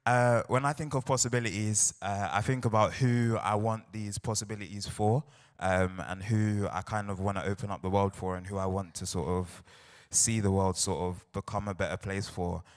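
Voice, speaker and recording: A man's voice: lowish voice, fairly even intonation, normal speed. A young man with a South London accent, performing spoken word poetry and bantering playfully with a live crowd. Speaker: poet. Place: large hall on stage with audience. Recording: live hall recording with long reverb.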